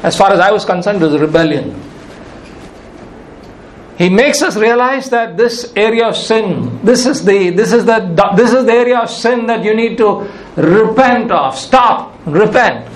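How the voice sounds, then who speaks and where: A man's voice: high-pitched, animated, measured pace, roomy sound, slight background noise, poor audio. A male pastor preaching a sermon, emphatic and repeating his key phrases.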